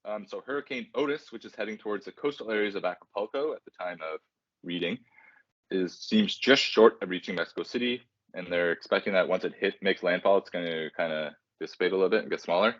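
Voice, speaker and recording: A very low-voiced man co-hosts a casual podcast, talking quickly and rambling, filling gaps with ums and making self-deprecating jokes about his own slips. The recording is dry, slightly dull, and without echo.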